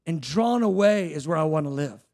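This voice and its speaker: A male preacher with a high, gravelly voice delivers a fervent sermon. He surges into shouted appeals, then drops to a hushed, chatty, self-deprecating storytelling tone. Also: animated, a little fast. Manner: conversational, self-deprecating anecdotes.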